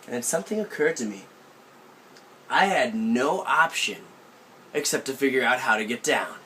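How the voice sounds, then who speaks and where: Animated young man telling a comic story. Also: mid-range voice, moderate pace. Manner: animated, playful deadpan storytelling. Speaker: vlogger. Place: aunt's country house.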